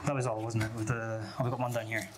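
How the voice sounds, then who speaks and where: A man's voice: fairly low pitch, fast. Scottish man teaching aquascaping, noisy room. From Scotland. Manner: relaxed, explains while planting, many fillers and restarts. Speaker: aquascaping workshop instructor. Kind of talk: live hands-on demonstration. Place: indoor workshop venue.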